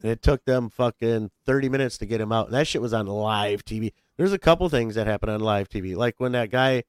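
A man co-hosting a podcast, telling a rambling, excitable story full of swearing. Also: mid-range voice, a little fast, smooth, no echo. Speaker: podcast co-host. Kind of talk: casual chat.

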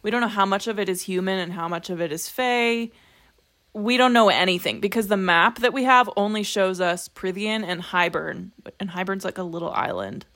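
A young woman co-hosting a podcast, talking casually through a book's plot holes. Her voice is mid-pitched and ordinary. She keeps firing off questions and wry asides. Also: moderate pace, a bit bright. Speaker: podcast co-host. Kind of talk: casual book discussion.

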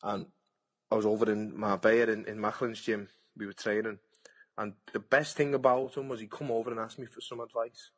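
In a relaxed interview, a man from England who boxes and works as a TV pundit speaks bluntly and chattily, repeating words often. His voice is on the low side, level in tone, and a little fast.

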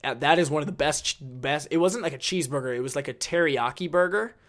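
A man's voice: a little high, fast talker, fairly bright tone. A man hosting a casual solo podcast, rambling enthusiastically with lots of ums and likes. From United States. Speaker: podcast host.

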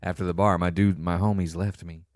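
A man telling relaxed, profane anecdotes in a casual chat. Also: deep voice, brisk, no room sound, studio quality.

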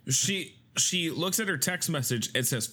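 A man co-hosting a comedy podcast, telling a story in an animated way, laughing and swearing freely. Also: fairly high pitch, a little slow, a little hiss or hum. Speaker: podcast co-host.

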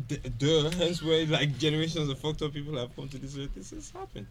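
A man's voice: on the high side, lively intonation, normal speed, a crowd in the background. A man on a casual podcast, earnestly arguing his point. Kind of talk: casual late-night podcast chat.

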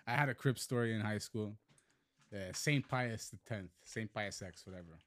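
A man telling a high-school fight story in casual podcast chat, swearing freely and acting out the quotes. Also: moderate pace. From Montreal. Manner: swearing, animated retelling with acted quotes.

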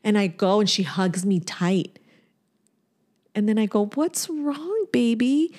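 A woman's voice: medium pitch, measured pace. A woman in her forties, a podcast co-host, telling a story in casual chat and acting out the voices in it. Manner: animated storyteller, acts out voices.

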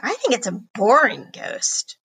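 A woman's voice: a little high, big pitch swings, unhurried, pushed and bright, breathy edge, exaggerated voice, poor audio. A woman reading aloud, voicing a practical, bossy young girl with a matter-of-fact way of talking.

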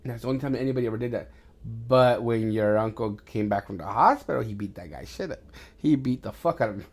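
On a storytelling podcast with his son, this father rambles through his tales in a quick, mid-range, slightly rough voice, with frequent restarts and plenty of cursing. The fight parts make him loud and animated.

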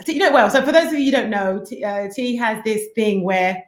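A woman chats on a podcast with a slightly high voice. She tells her stories quickly and animatedly. The room around her rings with a clear echo. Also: expressive. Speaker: podcast co-host. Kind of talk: casual chat.

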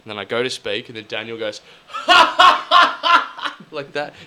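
Talking fast in a medium-pitched, smooth voice, a male podcast co-host rambles through sweary stories in casual chat. He storytells with gusto, throwing in animated impressions.

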